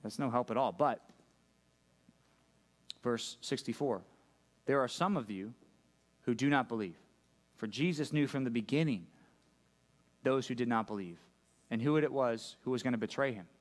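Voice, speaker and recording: A man's voice: mid-range voice, normal speed, pauses often. Guy pastor giving a sermon at church, chatty preachy style, keeps asking the room stuff. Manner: conversational preaching, frequent "right?" checks with the congregation. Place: church service.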